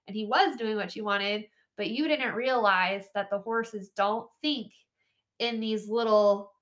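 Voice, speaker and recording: Bright-voiced woman coaching riders. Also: a little high. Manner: chatty, animated, laughs often, says "right?" and "like". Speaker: podcast host and horse trainer. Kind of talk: casual coaching talk.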